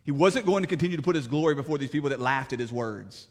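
A man preaching a sermon as pastor, in plainspoken, folksy words, swinging between fervent raised passages and hushed, quiet stretches. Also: a little high, lively intonation, fast, hardly any pauses. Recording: reverberant hall.

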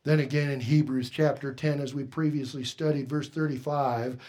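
A man preaching a sermon in a church as pastor, swinging between loud emphasis and hushed tones and putting questions to the congregation. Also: medium pitch, steady tone, normal speed.

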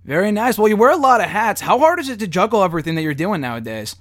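A man's voice: high voice, very animated, very fast, a bit bright. An American man hosting a podcast, talking in an upbeat, chatty way. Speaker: podcast host. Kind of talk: casual podcast intro and interview.

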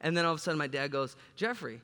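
A man from the south side of Chicago delivers a sermon as an animated, joking storyteller. His voice sits a little higher than most men's. It rings out with a long reverb in a big church sanctuary. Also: very fast, clean tone. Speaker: pastor. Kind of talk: sermon with humorous personal story. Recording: long reverb from a large hall.

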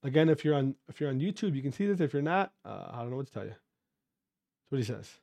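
A man's voice: mid-range voice, big pitch swings, fast talker, vocal fry, warm tone, no room sound. A man hosting a podcast, ranting casually, swearing a lot and repeating himself. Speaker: podcast host. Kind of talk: casual profane podcast rant.

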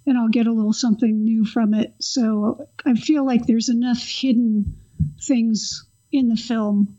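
A woman's voice: a little high, steady tone, measured pace, warm tone. A woman co-hosting a podcast, chatting casually about films in a rambling way with many fillers. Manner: rambling, lots of fillers and restarts. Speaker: podcast co-host. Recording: dull, lo-fi audio.

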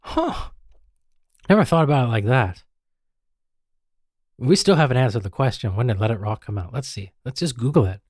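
A man's voice: medium pitch, animated, brisk, pauses often, a little mellow, husky, no room sound, studio quality. A man with an Australian accent hosting a radio show, rambling, mocking himself and stumbling over names. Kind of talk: casual radio banter.

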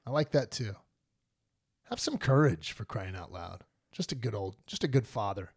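A man's voice: lowish voice, expressive, moderate pace, husky, no echo, clean studio sound. A man hosting a podcast, casually retelling and joking about a Bible story with lots of laughs. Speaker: podcast host.

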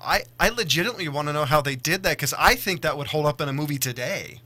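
Brief: man, podcast host, very bright tone, keen, asks questions, slightly high voice. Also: expressive, fast. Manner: enthusiastic, steers talk with questions. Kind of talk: casual movie discussion.

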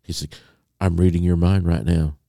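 A man co-hosting a podcast, telling a long story in a casual, animated way and acting out a phone call. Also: sits low, moderate pace, gravelly, dry recording, clean studio sound. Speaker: podcast co-host.

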